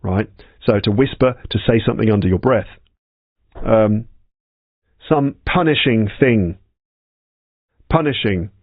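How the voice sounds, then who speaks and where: A man teaching English, explaining the words of a story slowly and patiently, repeating them as he goes. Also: lowish voice, dry recording, dull audio. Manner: slow, patient explanations with repetition.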